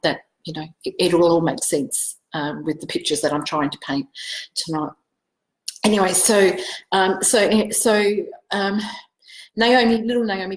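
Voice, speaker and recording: A woman's voice: lowish voice, roomy sound, rough recording. A middle-aged Australian woman, a psychic medium, telling a personal story in an emotional, rambling way full of fillers and digressions. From South Australia.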